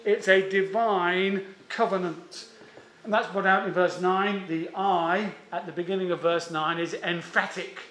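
A man preaching a sermon in a church, measured and emphatic, with slow drawn-out stresses and frequent "uh" pauses. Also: high voice, fairly even intonation, pushed and bright, echoey room, a little hiss or hum.

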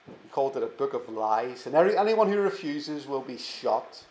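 A man preaching a sermon, earnest and emphatic, slowing down to stress key words. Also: mid-range voice, sing-song, darkish tone, echoey room, poor audio. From England.

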